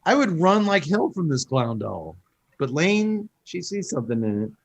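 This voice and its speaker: A man's voice: a little high, moderate pace, vocal fry. A man hosting a casual podcast, recapping a film with jokes and swearing. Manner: animated storyteller, swears, jokes. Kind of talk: casual chat.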